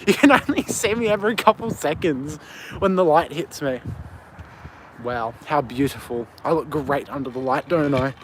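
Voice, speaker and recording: Walking outside at night on a windy street, this Australian-accented livestreamer chats with his audience, reading and answering their comments on a phone mic. His voice sits on the high side at a moderate pace, over slight background noise.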